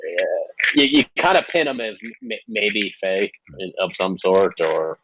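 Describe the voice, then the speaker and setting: Low-voiced man running a tabletop game. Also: expressive, measured pace, background noise. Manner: hesitant, restarting, laughs often. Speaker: game master. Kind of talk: narrating a tabletop game over voice chat.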